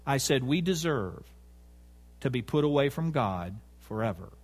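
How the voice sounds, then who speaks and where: A man's voice: medium pitch, animated, measured pace. A man preaching a sermon, emphatic, repeating key words and asking the congregation rhetorical questions.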